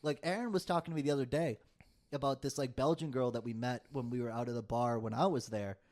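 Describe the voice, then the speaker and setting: A young man holding forth on a podcast. His voice sits in an ordinary middle pitch, and he rambles from one rant to the next, swearing freely. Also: fast talker, a little mellow. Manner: profane, rambling rants. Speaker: podcast co-host. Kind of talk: casual chat.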